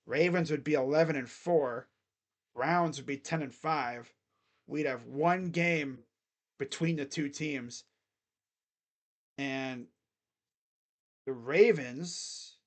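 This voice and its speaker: A man hosting a football picks video, talking casually and excitably and thinking out loud. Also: mid-range voice. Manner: rambling, excitable, thinks aloud. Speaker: sports picks channel host.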